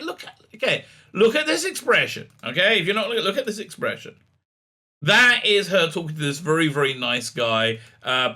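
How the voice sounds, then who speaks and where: A man's voice: on the high side, sharp tone. A middle-aged man reviewing a TV episode in a rambling, sarcastic way, full of uhs and restarts. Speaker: show recap reviewer. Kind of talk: casual review commentary.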